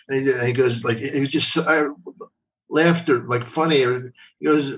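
Rambling older comedian from Philly. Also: male voice, medium pitch, fairly even intonation, moderate pace, a bit bright, lo-fi sound. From Philadelphia. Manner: rambling, repeats words, profane. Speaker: guest comedian. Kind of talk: casual storytelling. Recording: voice from a distance.

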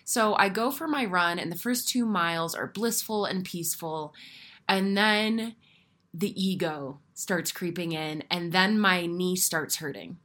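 A young adult woman hosting a podcast, telling a personal story in a candid, animated way with casual swearing. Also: on the low side, a little slow. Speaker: podcast host. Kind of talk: casual solo podcast monologue.

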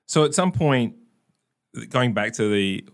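A man hosting a podcast interview, chatty and quick to laugh along with his guest. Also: medium pitch, expressive, no echo, studio quality. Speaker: podcast host. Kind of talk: casual interview.

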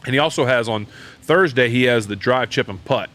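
Man telling a lively family story. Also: medium pitch, brisk. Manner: animated, acts out quoted voices, many fillers and restarts. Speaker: podcast host. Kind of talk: casual storytelling chat. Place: brewery.

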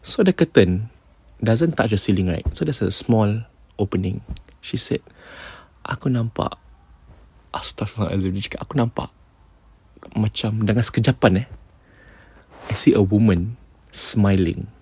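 This husky, lowish-voiced man with a Singaporean accent hosts a podcast, casually retelling ghost stories at a normal speed. He's animated and mixes Malay phrases into his speech.

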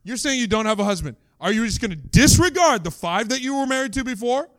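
A man doing an angry, confrontational accuser who raises his voice and talks fast. He pushes question after question in a high, loud tone. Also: animated, no room sound, clean studio sound. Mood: accusatory.

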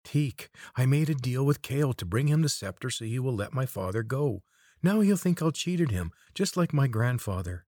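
Man voicing an impulsive young hero, pleading, urgent, pitched up, storybook reading. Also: expressive, normal speed, a little mellow, no room sound, clean studio sound, natural voice. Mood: anxious, pleading.

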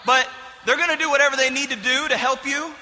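A man giving a comic sermon illustration to a live audience, animated and jokey, often shouting for emphasis. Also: very high-pitched, quick pace, big-room sound, poor audio. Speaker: speaker addressing a live audience.

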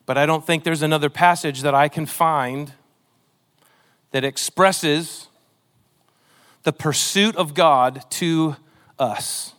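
A man's voice: on the high side, a bit bright. A man preaching a sermon, earnest and emotional, reading scripture with a pleading, dramatic delivery. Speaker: pastor.

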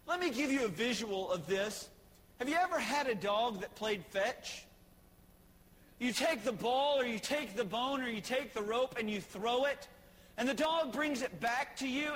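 Brief: high-pitched male preacher, animated sermon, big echoing sanctuary. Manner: animated, swinging from shouting to quiet asides. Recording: long hall reverb, faint noise.

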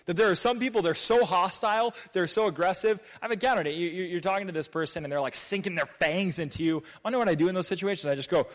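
A young man preaching a sermon, energetic and casual, repeating rhetorical questions and dropping slang. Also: sits high, fast talker, hardly any pauses.

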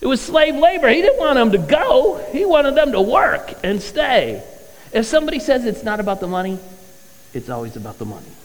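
High-voiced pastor preaching in a reverberant hall. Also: male voice, lively intonation, normal speed. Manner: conversational preaching, reads scripture aloud. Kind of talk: sermon. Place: church sanctuary.

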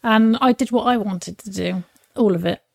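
A woman co-hosting a podcast in a casual chat, talking openly and emotionally with frequent restarts and pauses to search for words. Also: mid-range voice, creaky. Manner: open and emotional. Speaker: podcast co-host.

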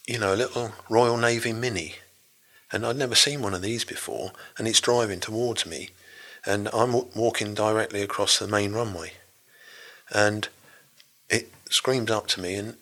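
Older British ex-navy man, low voice with a bright edge, chatty and rambling as an interview guest. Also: steady tone, normal speed. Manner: rambling, full of restarts and "you know". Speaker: interview guest, former navy rescue diver. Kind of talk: storytelling in a casual interview.

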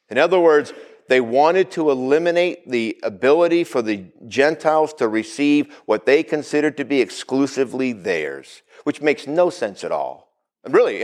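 Lively, animated male pastor preaching. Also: a little high. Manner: animated preaching, asks the congregation for responses. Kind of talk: sermon.

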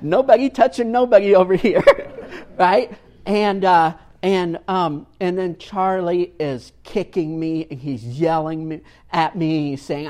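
A man's voice: fairly high pitch, darkish tone. A man who volunteers in a church children's program, telling a sermon story in a conversational way with frequent restarts and tag questions.

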